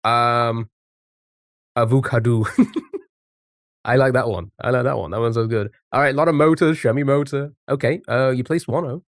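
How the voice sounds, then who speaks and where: A man's voice: mid-range voice, normal speed, dry recording, studio quality. A man live-streaming a word game, chatting casually and greeting viewers by name.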